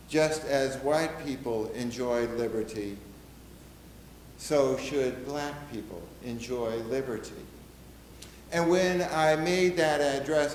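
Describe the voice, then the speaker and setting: A man portrays a solemn, middle-aged nineteenth-century American president who speaks in a measured, oratorical way. His voice sits a little high and moves at an unhurried pace. The recording is roomy, with a faint ambience behind him. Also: darkish tone, slight background noise. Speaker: historical reenactor. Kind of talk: first-person historical portrayal.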